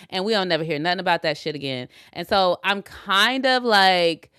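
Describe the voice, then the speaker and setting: A woman co-hosting a casual chat, opinionated and animated, laughing often and restarting her sentences when she is unsure. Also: lowish voice, fairly quick, few pauses, clear, resonant tone, dry recording, clean studio sound. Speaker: podcast co-host.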